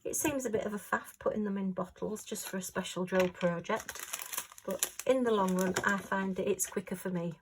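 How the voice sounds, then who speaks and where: A woman's voice: mid-range voice, moderate pace. Woman, Yorkshire accent, chatty craft vlog, giggly, faint background noise. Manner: chatty, giggly, talks to herself as she works. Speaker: crafting vlogger. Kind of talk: casual chat while working.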